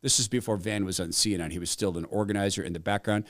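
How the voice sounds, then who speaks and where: A man's voice: on the low side, fast talker, few pauses, no echo. A middle-aged male talk-show host telling a personal story with plenty of asides. His voice rises and falls a lot, and the mic sound is dry and close. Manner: animated, conversational, with asides. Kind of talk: storytelling commentary.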